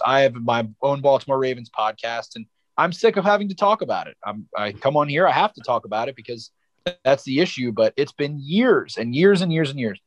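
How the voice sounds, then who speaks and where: A man's voice: medium pitch, dry recording. A man talking casually as a guest sports podcaster, rambling and emphatic, with lots of fillers. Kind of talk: casual sports analysis chat.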